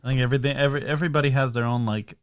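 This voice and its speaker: A man's voice: medium pitch, steady tone, very fast, no room sound, clean studio sound. A man co-hosting a podcast in casual chat, hesitantly thinking aloud with lots of fillers. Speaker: podcast co-host.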